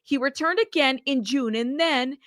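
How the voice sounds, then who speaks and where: Speaking at a moderate pace, this woman has a high, fairly bright voice in a dry, studio-quality recording. On her true crime livestream she gives indignant, outspoken commentary on a news case, cussing freely as she speaks directly to her chat.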